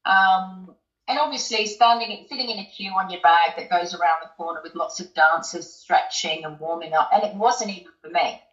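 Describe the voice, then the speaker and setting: A woman's voice: fairly low pitch, normal speed, a bit bright. A woman from the UK, a guest in an interview, tells a personal story in a chatty way, with many ums and restarts. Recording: roomy, slightly dull recording.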